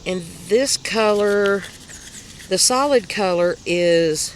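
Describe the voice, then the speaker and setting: A woman's voice: fairly low pitch, measured pace, long pauses, a bit bright. Southern woman host, chatty show-and-tell, laughs at herself, faint noise behind. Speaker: crochet podcast host. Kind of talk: casual show-and-tell chat.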